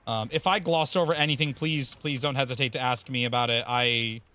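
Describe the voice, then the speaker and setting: Bright-voiced rambling game streamer man. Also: mid-range voice, fairly even intonation, a little fast. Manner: rambling, chatty, thanks viewers by name; casual swearing. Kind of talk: casual live-stream chat.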